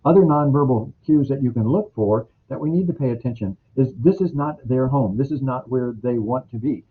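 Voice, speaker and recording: A man delivers a healthcare training lecture, walking his students through a case and recalling patients from earlier jobs. His voice has a husky, slightly rough edge, and his pitch sits in an ordinary middle range. The sound is thin and phone-like, as if heard over a narrow, lo-fi line. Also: a little fast. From United States. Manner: explanatory, uses clinical anecdotes. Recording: phone-like lo-fi recording.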